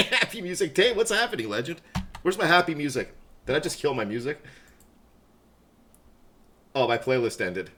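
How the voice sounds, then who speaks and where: Middle-aged man, casual live-stream chat, lively up-and-down voice, laughs a lot. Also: medium pitch. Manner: chatty, self-mocking, laughs often.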